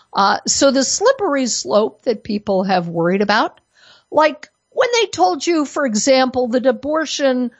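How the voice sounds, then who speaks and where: A woman's voice: no echo, dull audio. Sarcastic woman radio host, dry studio sound. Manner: sarcastic, emphatic, with sharp pitch jumps. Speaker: radio talk show host. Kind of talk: opinionated radio monologue. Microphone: studio microphone.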